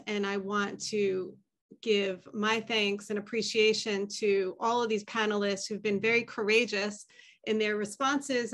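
A woman's voice: mid-range voice, fairly bright tone. Female moderator with a mid-range voice. Gracious, appreciative wrap-up. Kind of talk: closing remarks.

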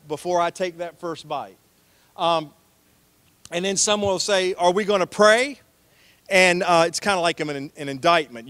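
A man's voice: high-pitched, a bit bright, dry recording. Man, pastor preaching, storytelling sermon, acts out quotes, dry close mic.

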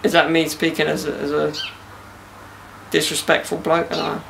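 A man's voice: fairly high pitch, completely flat delivery, normal speed, vocal fry, a bit bright, a little hiss or hum. A young man hosting a casual podcast outdoors in a garden, bantering and joking with slang. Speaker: podcast host.

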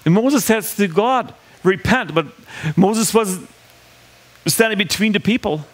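Preacher, man, fairly high voice, conversational sermon delivery, acts out the quotes. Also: animated, unhurried. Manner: conversational, asks the audience questions, acts out quoted lines.

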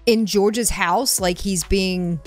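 A woman co-hosting a casual gameplay chat, excitable and quick to react. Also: mid-range voice, soft background music. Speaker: gaming channel co-host.

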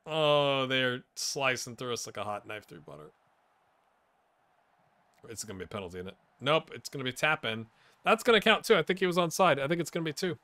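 A man narrating his gameplay to viewers with a bright, fairly high voice. His play-by-play is excitable, jumping from loud outbursts down to muttered asides, and he keeps cracking jokes to his audience. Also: normal speed. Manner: excitable play-by-play, swinging between shouts and mutters; jokey, talks to viewers. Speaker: gaming YouTuber. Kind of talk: let's play commentary.

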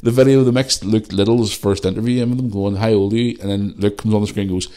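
A man's voice: lowish voice, steady tone, quick pace, dark tone. A man hosting a casual solo podcast, chatting in a rambling way and swearing freely. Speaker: podcast host.

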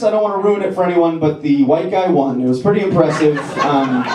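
On a comedy club stage before a live audience, a man with a high, expressive voice does a wry, self-deprecating stand-up set, slipping into quick voices for jokes. The recording is very noisy, with club echo and crowd laughter.

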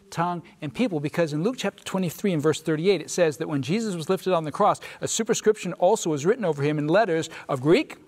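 An earnest man with a voice pitched a little above the usual, teaching a Bible lesson in a preaching style. He reads scripture aloud with emphasis and asks his listeners questions. His delivery is steady and heartfelt. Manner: pauses for listeners' responses. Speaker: Sabbath School panelist.

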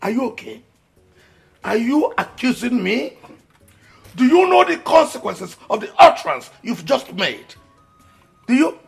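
A scheming Nigerian uncle in a film drama, slow and defiant. His voice is deeply gravelly and raspy, swinging widely in pitch, with faint music playing underneath. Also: sing-song, darkish tone, full character voice. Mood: indignant. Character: scheming older uncle, defiant and smooth-talking.

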